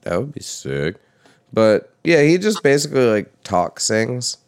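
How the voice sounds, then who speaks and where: A young man in casual chat about music, talking loosely with swearing and jumping up in pitch when he quotes himself. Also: very animated, unhurried, clear, resonant tone, no room sound, studio quality.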